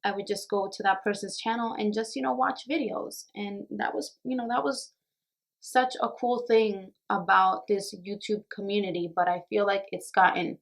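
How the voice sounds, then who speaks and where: A woman's voice: medium pitch, normal speed, gravelly. A young woman who works as a makeup artist and beauty vlogger, talking to the camera in an earnest, reflective way, a little nervous and emotional. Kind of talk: casual talk to camera.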